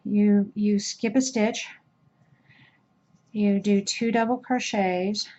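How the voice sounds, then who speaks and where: A woman teaches crochet in a laid-back tutorial, talking through every step as she goes, often pausing with fillers and restarting sentences in a chatty, hesitant way. Her pitch is an ordinary middle range. The audio is somewhat dull and lo-fi, like a basic home camera recording.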